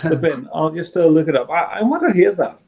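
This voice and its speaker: Mellow, friendly Danish man. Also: fairly high pitch, sing-song, vocal fry, low-quality recording. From Denmark. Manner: friendly, rambling, halting. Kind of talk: casual livestream chat.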